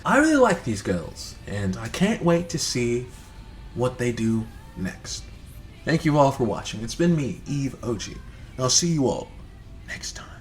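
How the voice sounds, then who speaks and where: A man's voice: mid-range voice, big pitch swings, a little slow, faint music behind. A man from the United States talking through a casual game review vlog, rambling, profane and full of restarts. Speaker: video creator.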